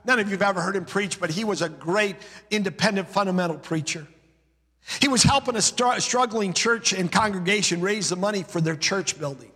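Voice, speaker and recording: Husky high-voiced preacher in a reverberant church. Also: male voice, a little fast, sharp tone. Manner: emphatic, repeats phrases in rhythmic lists. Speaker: pastor. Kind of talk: sermon.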